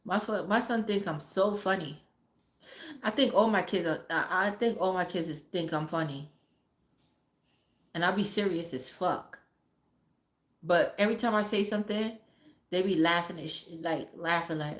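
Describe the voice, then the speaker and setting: A woman's voice: lowish voice, normal speed, a bit bright. A mother from a Caribbean family chatting casually on a livestream, blunt and profane and laughing often. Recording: roomy echo.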